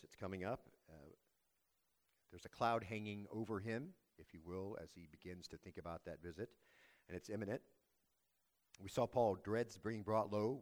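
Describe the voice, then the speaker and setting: A man preaching a sermon as pastor, telling a story in a measured, earnest way. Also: low voice.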